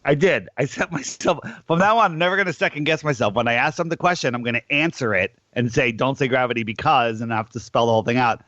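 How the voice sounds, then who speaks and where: A man hosting a call-in radio show, rambling casually with lots of restarts and drawn-out words. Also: medium pitch, fairly bright tone, no echo. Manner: rambling, restarts often, stretches words out slowly. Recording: dull lo-fi sound.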